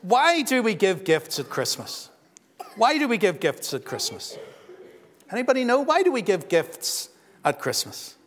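Pastor, man, high voice, quizzing kids into a handheld mic, long church reverb. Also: huge pitch swings, measured pace. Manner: warm, teasing, quizzes children. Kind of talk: children's talk in a church service. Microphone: handheld microphone passed around.

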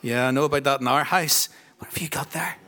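A man's voice: mid-range voice, fast talker. A man, a pastor giving a children's talk during a church service, playfully quizzing the kids. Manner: warm, teasing, quizzes children. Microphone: handheld microphone passed around. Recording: long church reverb.

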